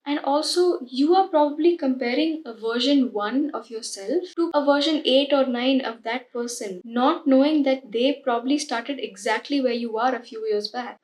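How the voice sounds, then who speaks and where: A woman with a somewhat high voice delivers a scripted motivational talk straight to her viewers. She speaks in a direct, coaxing way, like a friend giving blunt advice. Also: a little mellow, reverberant, low-quality recording. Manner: direct, coaxing, addresses the viewer as babe and bro. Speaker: self-help video host.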